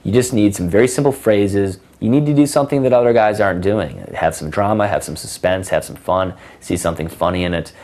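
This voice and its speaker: A man's voice: fairly low pitch, fairly quick, few pauses, darkish tone. A man teaching conversation tips in a casual, playful way, acting out sassy example lines. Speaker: dating coach. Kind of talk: casual instructional talk.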